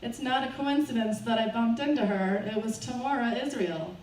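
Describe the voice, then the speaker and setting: A woman's voice: a little high, moderate pace. Woman speaker at a fundraiser, nervous, laughing storyteller, caught from far off in a roomy space. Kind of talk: personal story told to a live audience. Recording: roomy, distant, faint background noise.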